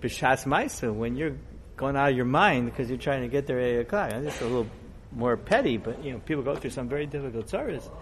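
A middle-aged man, a rabbi, giving a storytelling sermon in a conversational, digressive way that grows animated as the story builds. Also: mid-range voice, slight background noise.

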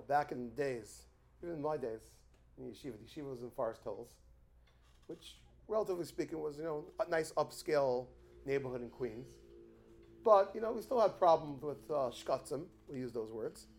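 A man teaching a lively Torah class, an animated storyteller who chuckles and drops asides. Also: a little high.

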